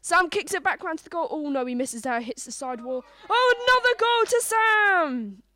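A woman giving playful, excited sports-style commentary on a family table game. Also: very high-pitched, normal speed, no room sound, clean studio sound. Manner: excited, animated.

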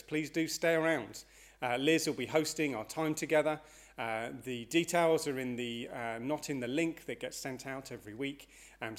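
A man leading a church service, slightly out of breath, giving notices with frequent hesitations. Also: a little high. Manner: hesitant, many uhs and ums.

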